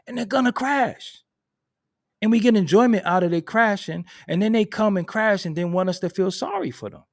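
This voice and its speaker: A man from Brooklyn with a New York accent, hosting a casual commentary monologue, telling stories in an animated, profane, streetwise way. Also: high-pitched, normal speed, creaky, no room sound, studio quality. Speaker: channel host. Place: at home at his computer.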